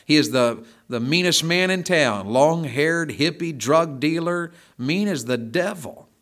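Male preacher, fervent sermon delivery, high-set, bright, forceful tone. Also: lively intonation, unhurried. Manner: fervent, emphatic exhortation with repeated phrases.

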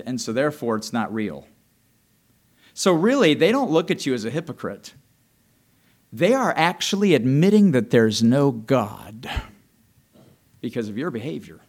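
A man preaching a sermon with passion, dropping to a hush and rising to loud cries as he acts out the voices he quotes. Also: medium pitch. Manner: impassioned, swings from soft to loud cries.

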